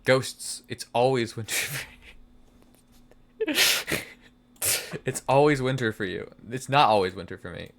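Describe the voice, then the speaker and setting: Unhurried and creaky, with lively intonation and frequent pauses, a man of medium pitch talks as he streams a game. The tone is a bit bright on a rough recording, and he mutters to himself while bantering with chat in mock outrage.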